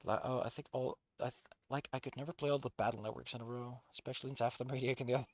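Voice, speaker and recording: A streamer reading a visual novel aloud in casual commentary, swearing often and swinging from low muttering to loud outbursts. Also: fairly even intonation, racing. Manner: swears a lot, rants and self-mocks.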